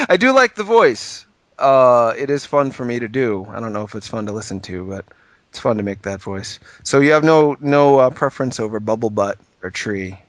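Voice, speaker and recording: A man co-hosting a casual comedic podcast from home, self-deprecating and pitching silly show ideas. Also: lively intonation, normal speed, dry recording. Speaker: podcast co-host.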